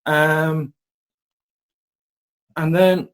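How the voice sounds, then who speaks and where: A man in his forties telling a candid personal story, animated and casual, over a video call. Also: on the high side, extremely slow, a little hiss or hum, low-quality recording. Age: 40s.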